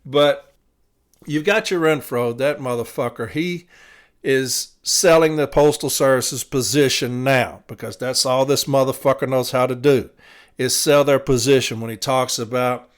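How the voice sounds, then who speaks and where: A man's voice: mid-range voice, moderate pace. A man, a city letter carrier hosting a podcast, delivering a blunt, profane, fired-up monologue while tired. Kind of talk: casual opinion monologue.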